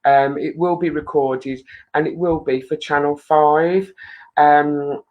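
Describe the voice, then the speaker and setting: A woman's voice: sits low, fairly even intonation, takes it slowly, narrow, tinny audio. Chatty woman host. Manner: chatty, rambling, laughs often. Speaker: live stream host. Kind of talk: casual live stream chat.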